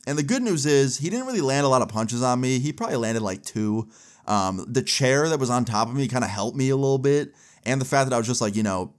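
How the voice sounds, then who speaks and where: A young man casually telling a story, animated and swearing often, with lots of "like". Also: medium pitch. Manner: animated, swears a lot, frequent "like".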